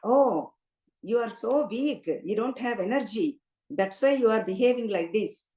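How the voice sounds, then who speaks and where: A woman's voice: mid-range voice, moderate pace, a little mellow, natural voice. Woman telling of a sarcastic haughty king. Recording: roomy hall echo.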